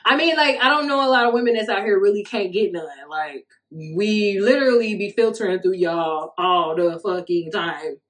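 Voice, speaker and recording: A woman's voice: medium pitch, normal speed, hardly any pauses. A woman in her thirties with a mid-range voice, talking through a loose solo podcast monologue. She is blunt and swears freely. She laughs often as she tells stories. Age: 30s. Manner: profane, candid, laughing storyteller. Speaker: podcast host.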